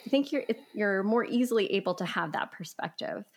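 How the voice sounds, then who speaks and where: A woman's voice: medium pitch, lively intonation, fairly quick. A woman hosting a podcast interview, affirming what her guest says and asking long open questions. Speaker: podcast host. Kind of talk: conversational interview.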